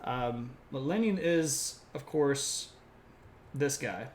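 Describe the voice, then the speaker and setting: Male history streamer, casual lecture, mid pitch, self-correcting asides, faint room hum behind. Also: takes it slowly.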